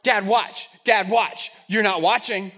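A pestering little girl repeats her demands over and over, mimicked by a man. The voice sits very high and sounds bright and tense, with a whiny, insistent push. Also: fairly even intonation, takes it slowly, full character voice. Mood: nagging.

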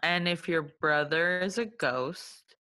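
A woman's voice: on the low side, slow pace, sharp tone. A woman co-hosting a casual chat, giggly and riffing on silly story ideas. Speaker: podcast co-host.

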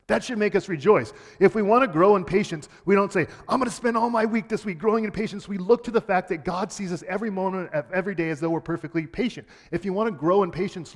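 A man giving a sermon as a pastor, earnest, dropping quiet and then rising emphatic. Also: fairly high pitch, in a large hall.

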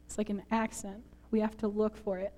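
A woman's voice: mid-range voice, little pitch movement, a little fast, mellow. A woman from northern Minnesota preaching a sermon in a church, chatty and self-deprecating, laughing often at herself.

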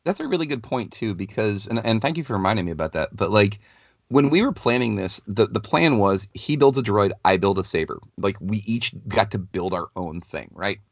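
A middle-aged man, a podcast co-host, telling a story in a casual, animated way full of fillers, fighting a cold. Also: lowish voice, brisk, no room sound. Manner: animated, rambling, many "like" fillers. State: has a cold, clears throat.

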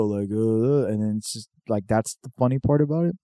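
Rambling casual man, dark dry voice. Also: fairly low pitch, brisk, dry recording. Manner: rambling, swearing, animated retelling of sketches. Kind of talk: casual chat.

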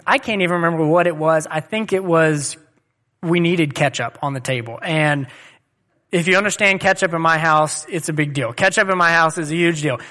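A man's voice: fairly high pitch, moderate pace, sharp tone. A man in his thirties preaching a sermon in an earnest, conversational way and telling personal stories. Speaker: pastor.

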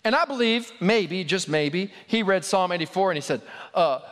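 A man's voice: high-pitched, fairly quick, a bit bright. A man preaching a sermon in a conversational, storytelling way with casual asides, in a large hall. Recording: long hall reverb.

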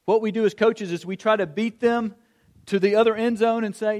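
A middle-aged man preaching a sermon, telling stories in an animated way and acting out the calls of a coach. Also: high voice, fairly quick. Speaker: pastor. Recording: long hall reverb.

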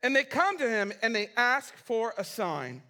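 Male pastor, high bright voice, casual and funny while preaching. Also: measured pace. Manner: animated, casual, humorous storytelling. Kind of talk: sermon. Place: church.

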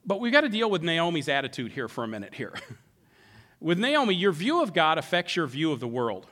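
A man preaching a sermon who acts out the characters' words in an animated way. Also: on the high side, brisk. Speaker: pastor.

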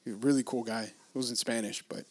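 A laid-back man from Los Angeles rambles through a casual podcast chat at a middling pitch. He swears freely and often breaks into laughter. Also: fairly even intonation, quick pace, breathy edge.

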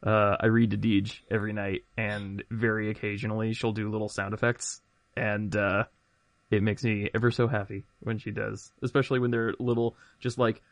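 A man's voice: on the low side, flat delivery, normal speed, no echo. A man playing a tabletop game, chatty and rambling, amused at himself. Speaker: player. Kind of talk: casual tabletop game play.

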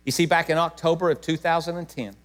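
A middle-aged man preaching a sermon to his church, emotional, swinging between loud emphatic peaks and hushed moments. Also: fairly high pitch, fairly even intonation, fast talker. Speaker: pastor.

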